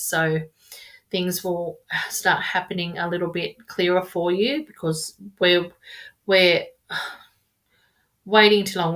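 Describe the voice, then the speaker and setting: A woman's voice: fairly low pitch, fairly bright tone. A woman giving live-streamed tarot readings in a rambling, repetitive, affectionate way, calling viewers darling and my loves. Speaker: tarot reader.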